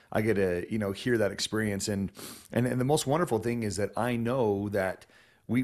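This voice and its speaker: A man hosting a podcast who responds to his guest's story and reflects on it in a casual interview. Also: on the low side. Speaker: podcast host.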